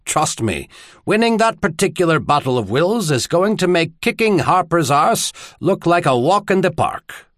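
A male narrator voicing a seasoned navy high admiral who speaks firmly and wryly. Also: very animated, moderate pace, no room sound. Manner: dry, firm, wryly commanding.

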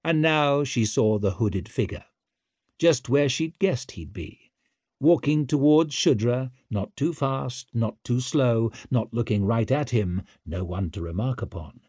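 A man reading a novel aloud as narrator, in a measured, tense manner. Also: mid-range voice, lively intonation, darkish tone, slightly rough, dry recording, clean studio sound. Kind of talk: scripted audiobook narration.

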